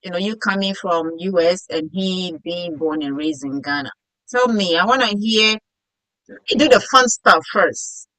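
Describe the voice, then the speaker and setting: A bright, forceful middle-aged woman from Africa hosts a casual interview chat. She is playful and quick to laugh, and sometimes acts out the voices of people in her stories. Her voice is recorded close and dry, with no room echo. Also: on the low side. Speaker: host.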